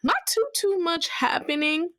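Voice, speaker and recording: A woman's voice: very high-pitched, lively intonation, measured pace, a bit bright, no echo, clean studio sound. A woman co-hosting a podcast in casual chat, candid and swearing freely, with many fillers. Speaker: podcast co-host.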